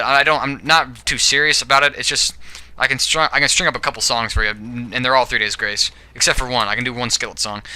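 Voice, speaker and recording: A man talks his opinions straight to his viewers, rambling and stumbling over his own restarts. His voice sits a little high and rings very bright and sharp. He keeps checking in with a questioning "all right?". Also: clean tone. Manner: rambling, with frequent "you know" and "all right?"; self-correcting, stumbling restarts. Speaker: video blogger. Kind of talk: casual opinion monologue.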